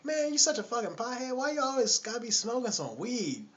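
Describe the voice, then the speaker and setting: A man voicing a loud, foul-mouthed woman who nags and scolds at a park. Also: sing-song, brisk, lo-fi sound. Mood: scolding. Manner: shrill, scolding, swearing constantly.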